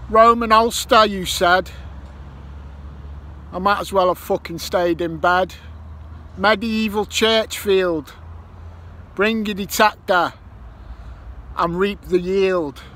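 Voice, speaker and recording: While waiting by a roundabout near a petrol station, an Irish metal detecting vlogger grumbles, swears and invents rhymes in a casual monologue. His voice sits high with a sharp tone, and he speaks slowly with long pauses. Passing traffic is faintly heard outdoors.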